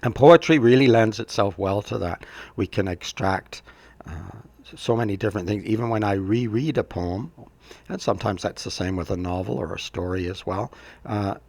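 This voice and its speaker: A man tutoring, reading and discussing a poem in a thoughtful, gentle way with many filler words, a little congested from a cold. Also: lowish voice, moderate pace, vocal fry, dry recording.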